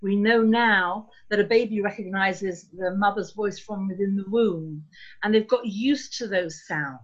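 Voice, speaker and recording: A woman giving a parenting workshop talk in a measured, thoughtful way, with frequent ums and words slowed for emphasis. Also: mid-range voice. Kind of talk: live online talk. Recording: dull lo-fi sound.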